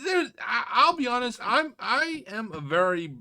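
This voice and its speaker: A man's voice: very high-pitched, big pitch swings, measured pace, sharp tone. A man giving an unscripted reaction commentary, opinionated, exasperated and profane.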